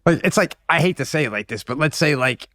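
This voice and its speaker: A man co-hosting a comedy radio call-in show, excitable and loose, laughing and swearing as he banters. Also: on the high side, fast talker, no echo. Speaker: co-host.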